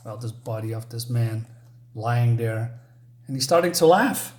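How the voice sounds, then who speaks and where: Brief: man with a mid-range voice, casual comic read-through, halting and musing. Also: mid-range voice, darkish tone, reverberant. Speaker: comic book reviewer.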